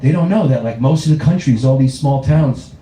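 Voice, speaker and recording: A man's voice: mid-range voice, brisk, dark tone. A man doing a stand-up comedy set, riffing profanely and laughing through his own jokes. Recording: roomy club with live audience.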